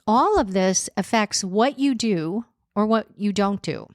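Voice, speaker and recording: Slow-paced woman podcast host, dry close sound. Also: mid-range voice, animated, dry recording. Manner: warm encouraging coaching tone, rhetorical questions. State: recovering from a cold. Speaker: podcast host and life coach. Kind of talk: solo podcast talk.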